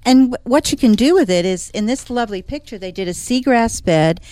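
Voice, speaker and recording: A woman's voice: on the high side, expressive, fairly quick, dark tone, no room sound. A woman who works as an interior designer, chatting casually and with enthusiasm as a regular on a talk show. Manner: chatty, enthusiastic, laughs often. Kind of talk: casual radio chat.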